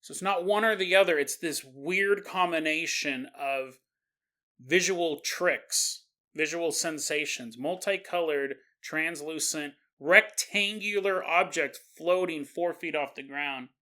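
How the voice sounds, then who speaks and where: A man hosts a podcast and narrates a story at an unhurried pace. His voice is bright and clear, and he acts out the people in the story as he goes. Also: fairly high pitch. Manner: animated, acts out the characters in the story. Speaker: podcast host.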